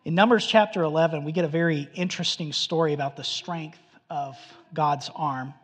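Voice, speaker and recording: A man preaching a sermon in an animated storytelling manner, acting out the voices of the people he quotes. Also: a little high, a little fast, husky, long reverb tail. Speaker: pastor.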